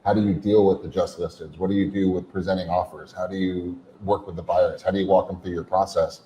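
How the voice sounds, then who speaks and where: A man with a very low voice co-hosts a casual podcast. He coaches his listeners, stringing points and questions together in long run-on lists. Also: flat delivery, brisk, mellow, slight background noise, low-quality recording. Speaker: podcast co-host. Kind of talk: casual chat.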